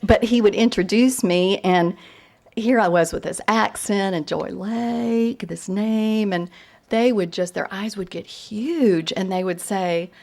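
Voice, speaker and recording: A woman's voice: medium pitch, slow, creaky, a little mellow. A Southern woman from Tennessee, a novelist telling funny, self-deprecating stories at a reading. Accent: Southern American. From East Tennessee. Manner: chatty, self-deprecating, with frequent fillers and laughs. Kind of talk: humorous storytelling talk.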